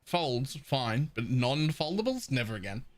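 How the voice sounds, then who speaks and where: A man's voice: medium pitch, very animated, a little slow. A man hosting a live game stream, talking in a blunt, offhand way and swearing now and then. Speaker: streamer host. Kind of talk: casual chat on a live stream.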